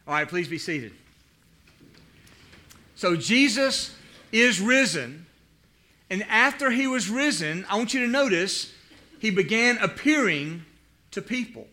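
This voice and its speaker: A man's voice: high-pitched, lively intonation, slow, pauses often, pushed and bright. A man preaching a sermon as pastor, reading scripture and putting rhetorical questions to his congregation.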